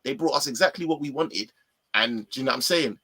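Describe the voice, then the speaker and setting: A man chatting about football on a video call, animated and full of slang, often talking over the others. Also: mid-range voice, quick pace, breathy edge. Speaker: co-host. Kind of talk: casual football chat.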